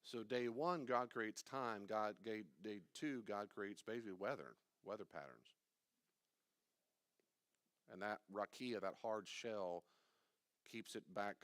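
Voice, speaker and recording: A man's voice: fairly low pitch, measured pace, long pauses, a bit bright, no room sound. A man teaching a Bible study in a conversational, digressive way, often quizzing his listeners. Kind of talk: informal teaching.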